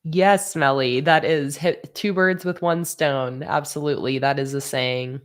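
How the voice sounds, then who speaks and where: A woman's voice: deep voice, steady tone, a little slow. A woman livestreaming as she designs stickers, chatting casually and reading viewer comments aloud with easy laughs. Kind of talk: casual livestream chat while drawing.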